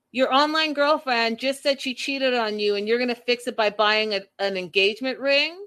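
A woman's voice: on the high side, moderate pace, hardly any pauses, fairly bright tone. A woman hosting a reaction show in casual commentary, speaking emphatically and with exasperation, repeating her points.

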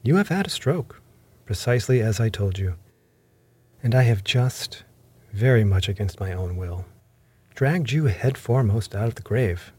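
A man's voice: fairly low pitch, animated, a little mellow, slightly rough. A man voicing a blunt, stern doctor who speaks firmly and scolds, in an audiobook reading. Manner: brisk, firm and scolding.

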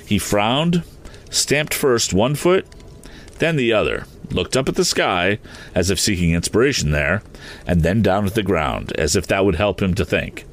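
A man narrating a storybook chapter in an expressive reading style. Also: on the low side, measured pace. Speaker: audiobook reader.

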